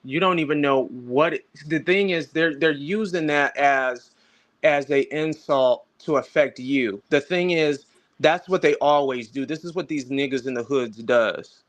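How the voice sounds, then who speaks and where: A man's voice: on the high side, measured pace, fairly bright tone. A man hosting a casual online panel discussion, rambling and repeating himself, with the odd curse. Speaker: panel host. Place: online video call.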